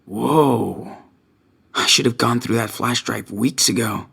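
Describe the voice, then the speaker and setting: An actor playing a weary teenage boy on the run, musing quietly in a wry inner monologue for a video game. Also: mid-range voice, slow, creaky, breathy edge, full character voice. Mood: wistful.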